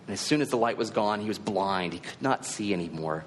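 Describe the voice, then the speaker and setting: Guy preaching, chatty and earnest, lowish voice, big echo and a faint rumble. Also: animated, a little fast. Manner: conversational, earnest storytelling. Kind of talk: sermon.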